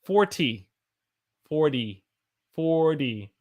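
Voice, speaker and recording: A man's voice: a little high, lively intonation, drawn-out words, darkish tone, no echo. A man with an American accent giving a casual livestream English pronunciation lesson, repeating words to demonstrate them. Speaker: English teacher.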